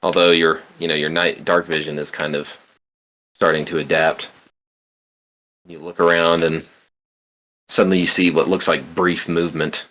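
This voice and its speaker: A man's voice: sits low, little pitch movement, moderate pace, long pauses, fairly bright tone. A young man narrating as game master of a tabletop game, laid-back and often laughing, with loose fillers.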